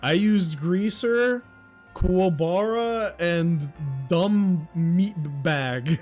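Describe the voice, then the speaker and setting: A young man streaming a game, excitable and joking with his chat, swearing freely. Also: high voice, extremely slow, faint music behind. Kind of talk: casual gaming commentary.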